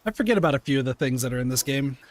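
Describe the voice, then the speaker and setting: Male game streamer, mid-pitched, loose and animated, laughs and curses casually while chatting. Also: very fast. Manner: animated, swears casually, laughs mid-sentence, many "like" fillers. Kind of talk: casual live-stream chat with viewers.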